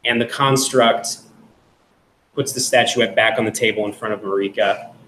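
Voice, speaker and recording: A man playing a tabletop game, describing his character's actions in halting, filler-heavy narration. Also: fairly low pitch, fairly even intonation, sharp tone, reverberant, a little hiss or hum, low-quality recording. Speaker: player.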